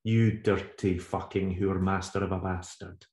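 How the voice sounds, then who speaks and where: A man's voice: deep voice, flat delivery, unhurried, a little mellow. A man voicing a bitter, drunk older woman who hisses and curses down the phone in a roomy recording. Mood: venomous. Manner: hissing, cursing, menacing. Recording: roomy echo.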